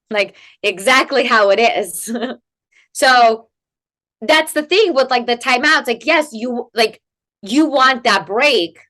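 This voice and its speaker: Woman expert on a podcast, bright voice pitched a bit high, lots of "like" and "right?". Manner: animated, rhetorical "right?" tags, many "like" fillers. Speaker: guest expert in family coaching. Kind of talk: conversational interview explanation.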